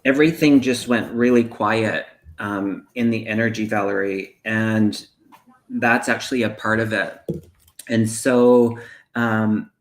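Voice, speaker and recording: A man hosting a live stream of psychic readings over a video call, speaking softly and wandering through loose analogies. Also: fairly low pitch, fairly even intonation, a little slow. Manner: soft, meandering, thinks aloud in loose analogies. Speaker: psychic medium and stream host.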